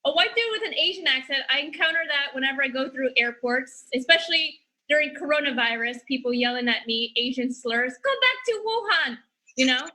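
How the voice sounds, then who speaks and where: A woman with a high, very bright voice delivers dry jokes as a panelist. She pauses on ums and lets her punchlines land flatly. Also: low-quality recording. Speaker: comedian panelist.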